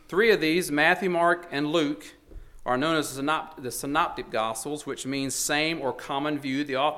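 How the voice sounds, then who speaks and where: A man preaching a sermon with a bright, forceful voice that sits a bit high for a man. He is earnest and emphatic, building up for emphasis and then dropping down again.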